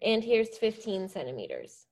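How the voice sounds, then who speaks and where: A woman's voice: mid-range voice, huge pitch swings, moderate pace, darkish tone, a little hiss or hum. A woman teacher leading a science lesson, explaining step by step in an upbeat, encouraging way. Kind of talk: classroom science demonstration.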